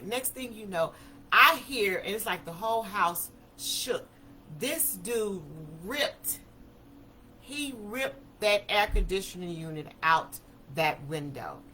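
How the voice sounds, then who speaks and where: A woman tells her story in a bright, forceful voice. She talks in an animated way, acting out each quote as she speaks. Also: medium pitch. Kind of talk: personal testimony talk.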